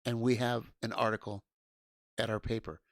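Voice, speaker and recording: Guy hosting his stream at home, loud and hyped, swears a lot, pretty dry sound. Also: lowish voice, little pitch movement, normal speed, no echo. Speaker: livestream host. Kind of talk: casual livestream chat.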